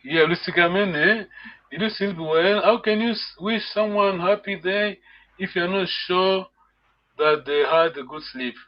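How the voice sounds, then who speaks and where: A man's voice: high voice, a little slow. Man teaching with a raised, muffled voice. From Congo. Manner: explains patiently, repeats words for students to echo. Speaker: language teacher. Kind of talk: live online language lesson. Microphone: video call.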